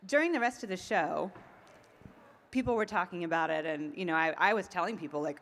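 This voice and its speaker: Woman on the lower side, rambly friendly interview chat, lots of ums and little laughs. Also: lively intonation, a little fast, fairly bright tone. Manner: chatty, laughs often, many ums. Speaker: event organizer. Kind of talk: casual interview.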